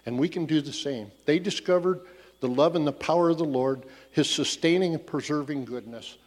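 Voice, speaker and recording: A man's voice: on the high side, normal speed. A man giving a casual, conversational Bible teaching, telling the story loosely and thinking aloud as he goes. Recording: long hall reverb.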